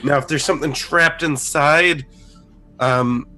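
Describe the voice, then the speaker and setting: A man's voice: a little high, a little slow, pushed and bright, faint music behind. A man playing a tabletop game, declaring his actions with dry humor. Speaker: player.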